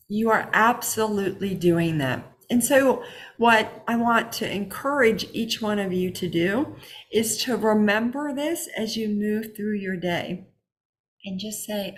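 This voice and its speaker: Slow-speaking woman leading a healing circle. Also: medium pitch. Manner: encouraging, affirming, repetitive phrasing. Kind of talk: spiritual guidance talk. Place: home, online session.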